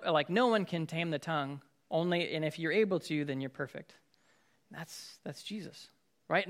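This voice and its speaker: A man's voice: on the high side, fairly bright tone. A man, a pastor, preaching a sermon in a conversational way, acting out everyday scenes with sudden outbursts.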